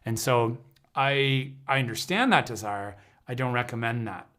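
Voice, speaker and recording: An earnest man of medium pitch gives a reflective talk to a livestream audience. He speaks as an intuitive counselor, often breaking off and restarting his sentences while he searches for how to put a thought. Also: normal speed, bright, forceful tone. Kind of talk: reflective spoken teaching on a livestream.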